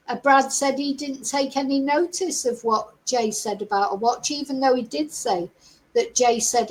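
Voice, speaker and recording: A woman's voice: high voice, expressive, measured pace, low-quality recording. A middle-aged woman hosting a true crime livestream, opinionated and asking her viewers many rhetorical questions. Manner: opinionated, asks the audience lots of rhetorical questions. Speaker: true crime channel host.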